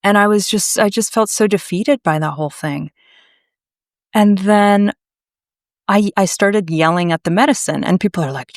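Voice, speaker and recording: A woman from Massachusetts, a naturopathic doctor, telling her story to a podcast host in a blunt, animated way. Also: medium pitch, normal speed, dry recording, studio quality. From Massachusetts, USA. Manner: animated, emphatic, blunt, swears freely. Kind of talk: conversational storytelling.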